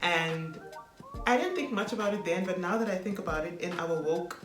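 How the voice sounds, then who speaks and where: Woman from South Africa, vlogger, animated storyteller, laughs a lot, echoey room, music playing behind. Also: on the low side, normal speed. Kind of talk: casual chat.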